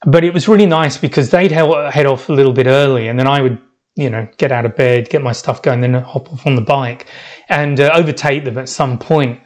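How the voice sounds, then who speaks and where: A middle-aged man recounting a long solo journey on his podcast. His delivery wanders and doubles back, circling his thoughts in an unhurried, reflective way. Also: mid-range voice, steady tone, a little mellow. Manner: rambling, reflective, many restarts. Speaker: podcast host. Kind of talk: reflective travel storytelling podcast.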